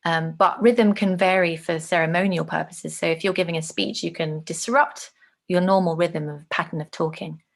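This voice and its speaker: A woman teaching an online lesson on speech delivery, clearly demonstrating phrases with changing intonation. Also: lowish voice, fairly even intonation, moderate pace.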